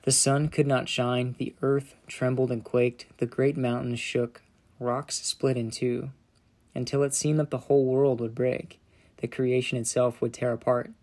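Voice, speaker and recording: A man narrating a children's Bible story with gentle, dramatic storytelling that softens in solemn moments. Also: mid-range voice, little pitch movement, measured pace.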